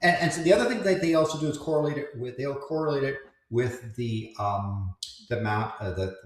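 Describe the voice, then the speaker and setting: A man's voice: mid-range voice, reverberant. A man co-hosting a casual livestream, explaining volcano measurements with lots of restarts and fillers. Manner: halting, many restarts and fillers, joking asides. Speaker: co-host explaining volcano science.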